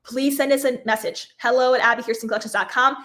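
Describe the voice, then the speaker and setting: A bubbly woman in her thirties runs a live craft giveaway with a bright, fairly high voice. She chats freely, laughs easily and cheerfully apologizes whenever she fumbles a name. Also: fairly even intonation, fast talker. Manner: bubbly, chatty, laughs often, apologizes over names. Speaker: craft host. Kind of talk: live-stream giveaway chat.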